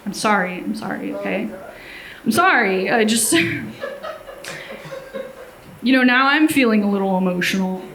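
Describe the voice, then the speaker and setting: A woman's voice: mid-range voice, animated, moderate pace, long pauses, noisy background. A stand-up comedian, a woman from Chicago, talking hesitantly with lots of ums during a live set.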